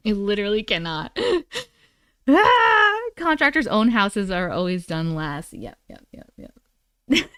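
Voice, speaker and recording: A woman hosting a casual livestream, with an Oklahoma accent, works through viewer chat while venting animatedly and in exasperation, swearing and laughing a lot. Her medium-pitched voice is smooth and a little slow, recorded at studio quality with no room sound.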